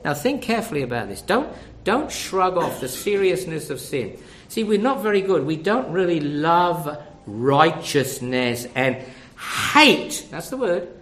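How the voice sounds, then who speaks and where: A man's voice: sits high, a bit bright. An older man preaching a sermon, conversational and full of rhetorical questions.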